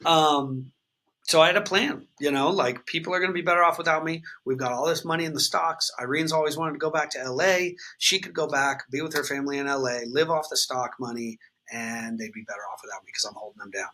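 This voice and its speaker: A man in his thirties tells his story to an interviewer in a raw, unfiltered way. His voice is bright and forward, with a husky edge. He talks loosely, with plenty of fillers and casual swearing. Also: on the high side, fairly quick, low-quality recording. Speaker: guest sharing his recovery story. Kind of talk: candid conversational storytelling.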